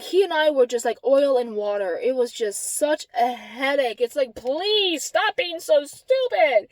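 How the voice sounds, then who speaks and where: A woman with a high voice tells a story to her camera in a blunt, exasperated rant, cursing freely. The recording sounds dry and close, with no room echo. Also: a little mellow. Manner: blunt, profane, exasperated ranting. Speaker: vlogger. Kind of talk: casual storytelling vlog.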